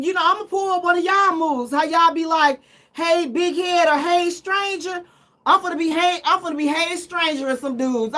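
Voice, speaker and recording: A woman's voice: sits high, fairly bright tone. A middle-aged woman hosting a live radio talk show, telling teasing, self-mocking stories in a casual chat.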